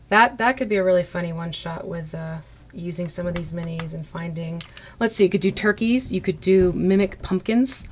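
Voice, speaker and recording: Chatty woman painting miniatures on stream. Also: fairly low pitch. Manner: chatty, laughs often, greets viewers brightly. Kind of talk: casual live-stream chat while painting.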